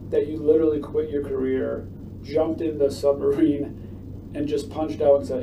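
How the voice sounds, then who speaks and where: A man's voice: on the high side, steady tone, normal speed, vocal fry, mellow. A man hosting a podcast in casual chat, joking and wisecracking, recorded on a distant mic in a roomy, noisy space. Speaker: podcast host.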